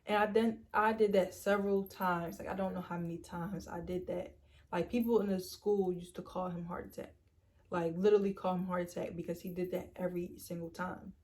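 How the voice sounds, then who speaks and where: A young woman telling a storytime vlog in a chatty, animated way, acting out quoted lines and leaning on "like" and "literally". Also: fairly low pitch, brisk, a little hiss or hum. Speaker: storytime vlogger. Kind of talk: casual storytime.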